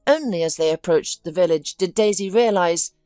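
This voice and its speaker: A woman narrating a drama story in a measured, scripted voice-over. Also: lowish voice, dry recording. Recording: dry studio voice-over with soft music.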